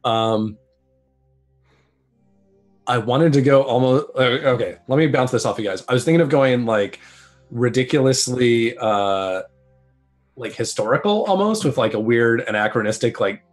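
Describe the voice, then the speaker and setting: A man's voice: medium pitch, expressive, unhurried, pauses often, faint music behind. A man playing in a tabletop game, playful and thinking aloud with restarts. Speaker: player. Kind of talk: casual tabletop game chat.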